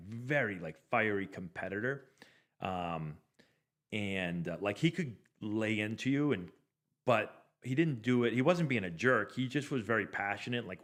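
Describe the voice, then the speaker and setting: A man in his forties telling loose baseball stories as a live-stream host, rambling with lots of "like" and restarts. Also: lowish voice. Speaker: former pro ballplayer hosting a live stream. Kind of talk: casual anecdotal storytelling.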